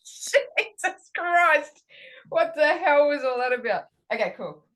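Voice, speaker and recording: High-voiced aussie woman improvising, giggly, stop-start, playful. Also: animated. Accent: Australian. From Australia. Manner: giggly, halting restarts, playful. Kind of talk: improvised stage comedy.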